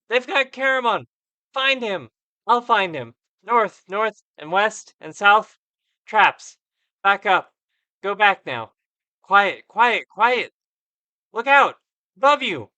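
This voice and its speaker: A man voicing a terrified gibbering madman in a computer role-playing game, shouting in frantic babbling bursts. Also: high-pitched, lively intonation, takes it slowly, long pauses, clean tone, dry recording, pitched above the performer's own voice, exaggerated voice. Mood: panicked. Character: terrified gibbering madman, adult male survivor. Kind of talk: reading game text aloud.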